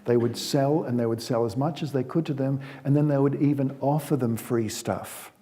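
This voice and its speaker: A man giving a talk to an audience in a warm, mellow voice at a middle pitch. He speaks conversationally, restarts his sentences and repeats words as he goes, and acts out the scenes he retells. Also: normal speed. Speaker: speaker on parenting.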